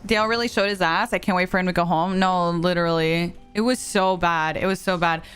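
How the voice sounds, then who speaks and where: A young adult woman streaming a game, chatting casually and telling a story in an animated way, with lots of "like.". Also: fairly low pitch, a little fast, smooth, faint music behind. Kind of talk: casual chat while gaming.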